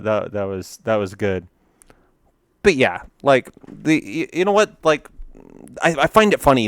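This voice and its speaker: A man's voice: mid-range voice, clean tone, no echo, studio quality. A man giving casual reaction commentary on memes, ranting and profane, laughing often.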